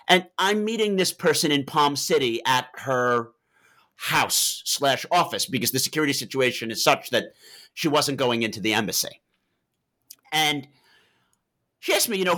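A man's voice: mid-range voice, animated, normal speed, sharp tone. A man being interviewed as an author, answering in a discursive way and telling anecdotes with dialogue.

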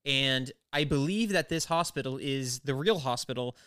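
Chatty young man with a smooth voice. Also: medium pitch, normal speed, a bit bright, no room sound, clean studio sound. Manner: chatty, acts out characters' lines. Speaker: podcast co-host. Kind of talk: casual recap chat.

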